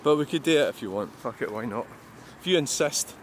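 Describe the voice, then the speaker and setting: A truck-spotting vlogger with a mid-range voice talks briskly and with lively intonation. Beside a busy roundabout he rambles, grumbles and curses freely in a casual monologue, while passing cars and trucks create outdoor traffic noise.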